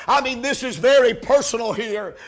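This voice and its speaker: A man preaching a revival sermon, shouting and rising to impassioned cries. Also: very high voice, moderate pace.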